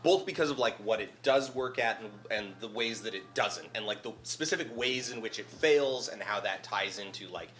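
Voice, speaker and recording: Male guest, bright tone, thoughtful rambling explainer, casual chat. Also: lowish voice, moderate pace, few pauses. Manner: thoughtful, analytical explainer with many "like" fillers. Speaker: guest video essayist. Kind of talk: casual chat on a charity stream.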